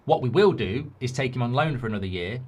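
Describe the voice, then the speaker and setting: A man's voice: medium pitch, animated, fast, a little mellow, breathy edge. A man voicing a blunt, penny-pinching male club negotiator with a dismissive, matter-of-fact delivery.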